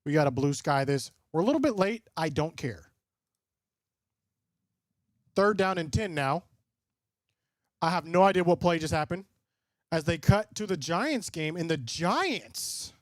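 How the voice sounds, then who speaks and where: A young man streaming live football play-by-play and reaction, joking with his chat in an excitable, playful way. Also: on the high side, measured pace, pauses often, dry recording. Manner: excitable, jokey, talks straight to chat.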